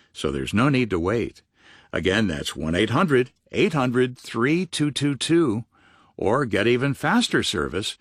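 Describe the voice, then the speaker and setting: A man reading scripted announcements for a radio ministry program in an even announcer manner. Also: medium pitch, no room sound, studio quality.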